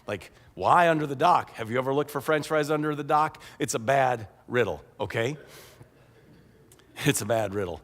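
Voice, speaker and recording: Man, pastor, sermon, humorous storytelling, lively pitch, echoey church hall. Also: normal speed. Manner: humorous, animated, conversational. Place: church sanctuary.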